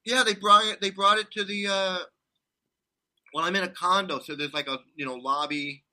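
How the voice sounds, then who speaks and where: A man's voice: high voice, steady tone, normal speed, sharp tone. A man telling a rambling travel story in casual chat, laughing often and restarting his sentences. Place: condo abroad.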